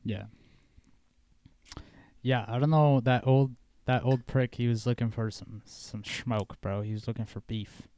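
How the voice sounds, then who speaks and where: A man's voice: medium pitch, fairly even intonation, a little slow, warm tone, no room sound. A young man co-hosting a podcast, chatting in a rambling, swear-filled way. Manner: rambling, swearing, easily amused. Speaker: podcast co-host. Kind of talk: casual chat.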